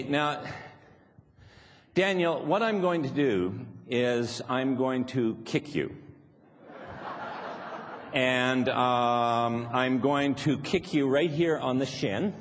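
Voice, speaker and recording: A man leading a live seminar, teasing and chuckling as he explains his point to the audience. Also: medium pitch. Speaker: seminar speaker. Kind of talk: live motivational seminar talk. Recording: echoey hall, faint background noise.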